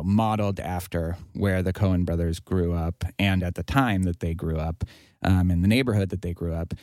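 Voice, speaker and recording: A man with a fairly low voice talks through a film's opening scene in a relaxed discussion, filling gaps with "uh" and "like." The sound is dry and close to the mic. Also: clear, resonant tone, no room sound. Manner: long retelling of a story with acted quotes, many fillers. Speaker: podcast panelist. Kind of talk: casual film discussion.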